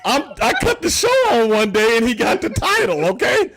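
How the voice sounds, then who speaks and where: Male host, high-pitched, animated, profane, casual banter. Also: brisk, gravelly. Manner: animated, loud, laughing, profane. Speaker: show host. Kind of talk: casual wrestling talk.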